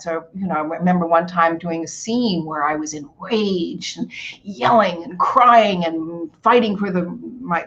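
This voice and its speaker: An older woman from Hawaii, a guest actor telling stories in a casual interview, animated and acting out what people said, laughing often. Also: mid-range voice, lo-fi sound.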